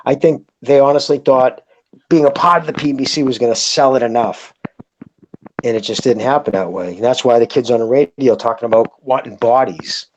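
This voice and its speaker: A man's voice: medium pitch, brisk, dull audio, noisy background. A man co-hosting a casual boxing podcast, talking in an emphatic, rambling, profane way. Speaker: podcast co-host.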